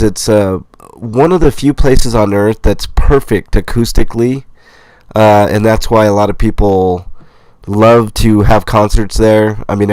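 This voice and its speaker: A middle-aged man with a low voice that is nasal and congested from a cold chats through viewer comments on his livestream. He talks in a relaxed, rambling way, full of fillers. The sound is dry and close. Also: no echo. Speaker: host. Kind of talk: casual livestream chat reading comments.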